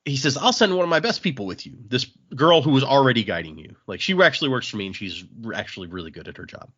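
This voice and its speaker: Lively, husky-voiced man recapping a story. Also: mid-range voice, quick pace. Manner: animated storytelling, acting out characters' lines. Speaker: podcast co-host recapping a graphic novel. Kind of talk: casual chat. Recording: dull lo-fi podcast audio.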